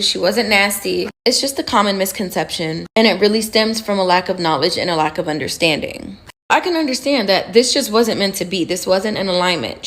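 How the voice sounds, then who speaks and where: A woman speaking bluntly and defiantly to the camera about her spiritual practice. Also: medium pitch. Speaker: self-described witch. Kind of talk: direct-to-camera commentary.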